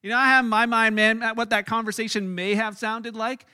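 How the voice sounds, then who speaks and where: A man preaching a sermon in a casual, animated storytelling style. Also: high voice, fairly quick, clear, resonant tone, dry recording, studio quality. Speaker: pastor.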